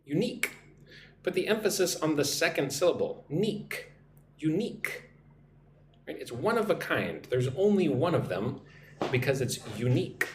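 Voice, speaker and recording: A man from the United States teaching an English lesson on a livestream, drilling pronunciation slowly and asking "right?" again and again. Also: a little high, very animated. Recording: echoey room, faint background noise.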